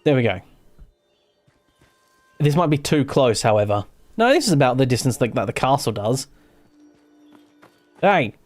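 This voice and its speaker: A man's voice: medium pitch, very animated, normal speed, pauses often, darkish tone, faint music behind. An Australian man chatting casually while streaming a game live, rambling and correcting himself, with the odd swear. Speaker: gaming streamer. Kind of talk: casual live gameplay commentary.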